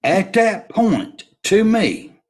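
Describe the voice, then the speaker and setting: A man's voice: sits high, big pitch swings, extremely slow, a little mellow. A man giving a blunt, rambling sports opinion rant, swearing as he goes. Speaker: sports commentary vlogger.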